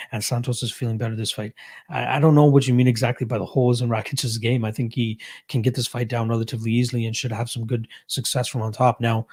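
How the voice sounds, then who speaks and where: A young Canadian man with a medium-pitched, somewhat dark voice hosts a casual live stream. He reads the chat and fields betting questions in a relaxed way, chuckling as he goes.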